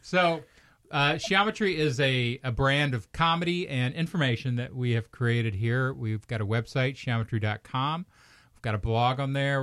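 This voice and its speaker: This man hosts a comedy podcast, joking, teasing and laughing along with his guests. His voice sits at an ordinary pitch, and the recording is close and dry, with no room sound. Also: a bit bright, no echo. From Kentucky. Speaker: podcast host. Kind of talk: casual comedy podcast chat.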